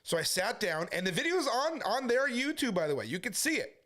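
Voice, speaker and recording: A man who is a street preacher, briskly telling a story to his viewers and quoting the back-and-forth as he goes. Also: very high-pitched, sing-song, bright, forceful tone. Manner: brisk retelling full of quoted back-and-forth. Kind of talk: casual storytelling monologue.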